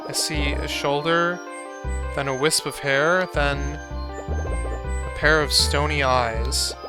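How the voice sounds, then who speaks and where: A streamer voicing Ashley, a shaken teenage girl detective, narrating a mystery game slowly over game music. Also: medium pitch, steady tone, natural voice. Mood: tense recall. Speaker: streamer reading game dialogue.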